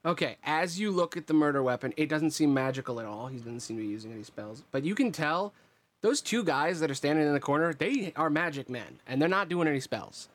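A man running a tabletop game as game master, describing scenes in a relaxed, rambling way. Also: fairly high pitch, brisk.

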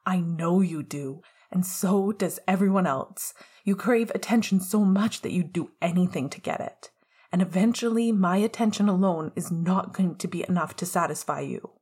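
Woman reading as a biting, sarcastic young man, husky low voice, cold and guarded, fan-fiction audiobook. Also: moderate pace, a little mellow. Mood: bitter. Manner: sarcastic, cutting.

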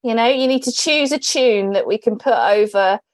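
A woman's voice: a little high, normal speed, dry recording. Upbeat female podcast co-host, dry sound. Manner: enthusiastic and upbeat. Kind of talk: casual podcast chat.

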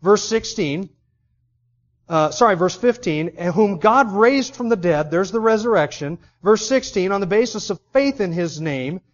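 A man's voice: high voice, expressive, moderate pace, highs cut off. A man preaching an expository sermon, reading scripture aloud and then pressing home his points with emphasis.

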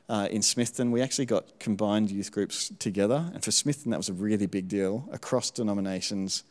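A middle-aged man giving a sermon testimony in church, telling his story in a relaxed, self-deprecating way with frequent ums. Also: on the low side, big-room sound. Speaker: church speaker sharing testimony.

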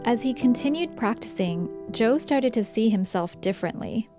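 A woman reading scripted documentary narration in a measured, even way. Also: fairly high pitch, over music.

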